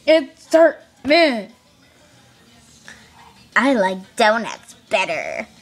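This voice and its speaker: A woman voicing her lazy house cat in a home video, with a squeaky, excitable, indignant cartoonish manner. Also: extremely slow, soft background music, exaggerated voice. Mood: grumbling. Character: scared, grumpy house cat voiced by its owner. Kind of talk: home video voiceover for pets.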